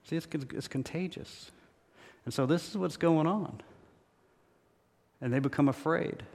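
A pastor delivering a sermon in a church, emphatic and repetitive, with humorous stories. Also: male voice, on the high side, unhurried, gravelly, darkish tone. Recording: reverberant hall.

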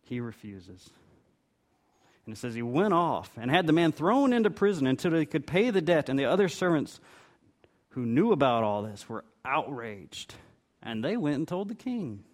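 A man's voice: a little high, sing-song, normal speed. A middle-aged man preaching a sermon, telling a parable with expression and briefly voicing its characters. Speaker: pastor.

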